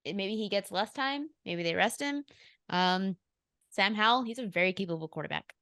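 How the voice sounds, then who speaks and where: A woman's voice: mid-range voice, expressive, moderate pace, a bit bright. A woman hosting a sports betting show, chatting casually about picks and laughing often.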